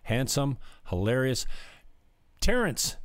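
Male commentary host, sarcastic heated rant, pitch leaping about, dry close sound. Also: very animated, slow, no room sound. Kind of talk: ranting commentary over clips.

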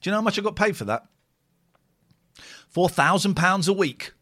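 A man's voice: sits high, expressive, moderate pace, fairly bright tone. A British man in his forties, chatting casually and sardonically as he reacts to old clips of himself on a live stream. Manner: chatty, jokey, sardonic, rambling with repetitions.

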